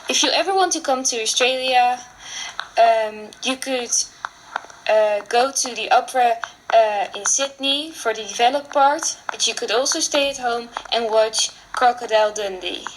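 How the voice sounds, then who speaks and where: A woman's voice: a little high, normal speed, a little hiss or hum, poor audio. A teenage girl with a Dutch accent in a school presentation, playing someone new to a country, talking with hesitant fillers. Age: teens. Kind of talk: school presentation role-play.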